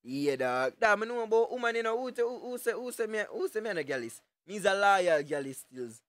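Loud joking streamer. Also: male voice, high voice, very animated, a little fast, dry recording. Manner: loud, joking patois banter with sudden shouts. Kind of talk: live stream reaction commentary.

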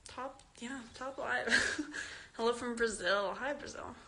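A woman's voice: fairly high pitch, slow, heavy background noise. A fourteen-year-old girl from Canada, a young actress, chatting casually and giggling as she reads fan questions aloud on a phone live stream. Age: teens. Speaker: actress answering fans. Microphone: phone at arm's length.

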